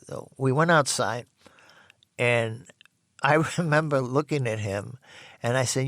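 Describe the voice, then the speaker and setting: An older man tells his own tough-guy stories in a loose, rambling way, swearing freely and restarting his sentences. His voice has a gravelly rasp at the bottom, set at an ordinary pitch. The recording is dry, with no room sound. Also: normal speed, fairly bright tone, dry recording. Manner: blunt, profane, rambling with restarts. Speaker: former mobster telling his story. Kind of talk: casual storytelling.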